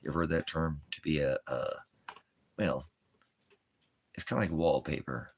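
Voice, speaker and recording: Speaking at normal speed with an extremely low pitch, this man runs a ministry stream from his home, where a dog and a fire keep him company. He rambles casually, full of puns and rhymes, over a little hiss or hum.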